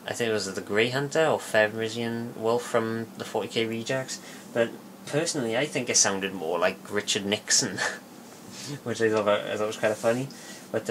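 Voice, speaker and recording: Man, low voice, casual tutorial talk, halting, lots of fillers, faint background hiss. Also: fairly bright tone. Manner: rambling, halting, with many fillers and restarts. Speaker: video tutorial maker.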